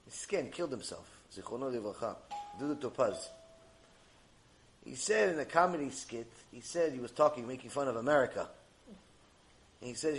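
A middle-aged man teaching a mussar lecture, animated and rebuking, acting out mocking bits of dialogue. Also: medium pitch, fairly quick, long pauses. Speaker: Torah teacher.

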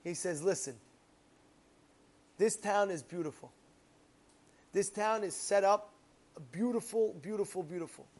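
A man casually telling a parable as a moral lesson, animated and rambling, with repeated fillers. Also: high voice, a little slow, pauses often. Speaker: storyteller giving a moral lesson.

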